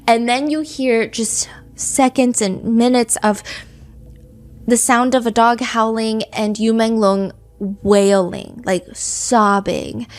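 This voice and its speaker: Quick, animated woman telling a case. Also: on the high side. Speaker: podcast host. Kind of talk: casual true-crime storytelling.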